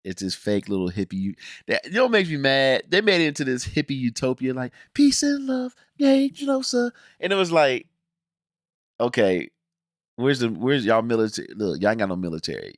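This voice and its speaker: A man rants through a show review, exasperated and blunt, with slangy talk and lots of restarts. His voice sits at an ordinary middle pitch. The sound is close and dry, with no room around it. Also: a bit bright, dry recording. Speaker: video reviewer.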